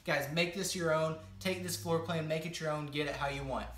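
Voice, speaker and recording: This home tour presenter, his voice a little high, steady, brisk and a bit bright, talks up a small manufactured cottage directly to viewers. He's upbeat and keeps saying "guys," while the poor recording carries room echo and slight background noise.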